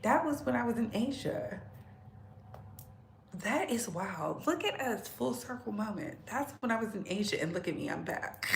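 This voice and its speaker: A woman's voice: fairly high pitch, expressive, unhurried, creaky, long pauses. A woman hosting a casual livestream, chatting straight to her viewers and laughing often. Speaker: livestream host. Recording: echoey room with faint background noise.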